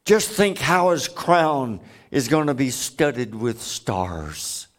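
A man's voice: mid-range voice, big pitch swings, slow pace. A man preaching a sermon, telling stories with emphatic, earnest delivery. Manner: emphatic storytelling.

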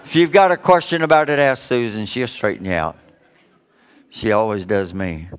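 A middle-aged man preaching a sermon, rising for emphasis and dropping low for joking asides. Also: moderate pace, clear, resonant tone. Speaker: pastor.

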